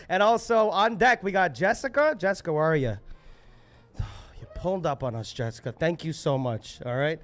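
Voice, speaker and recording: A man hosting a live open mic, joking, swearing and hyping the crowd with loud, playful crowd work. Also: a little high, animated, moderate pace. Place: live poetry venue with an audience.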